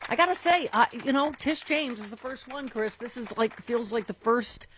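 A woman hosting a call-in radio talk show, animated and quick to react, often laughing. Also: fairly high pitch, background noise. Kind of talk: casual call-in radio chat.

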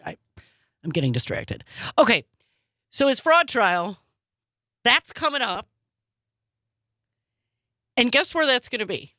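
A woman co-hosting a casual news chat, sarcastic and quick with asides. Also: a little high, big pitch swings, pushed and bright, dry recording, clean studio sound. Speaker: podcast co-host.

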